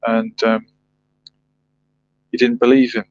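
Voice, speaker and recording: A man's voice: mid-range voice, monotone, normal speed, long pauses. A man hosting a livestream, chatting casually, reading viewer comments and musing aloud with rhetorical questions. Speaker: livestream host. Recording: dull lo-fi dry sound.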